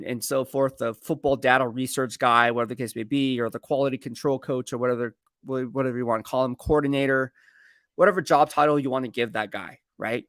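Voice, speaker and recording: A man's voice: medium pitch, a bit bright, no room sound, studio quality. A man, a sports beat writer, talking through team moves on a casual live stream in a rambling, conversational way and reading viewer comments aloud. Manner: rambling, conversational, self-correcting.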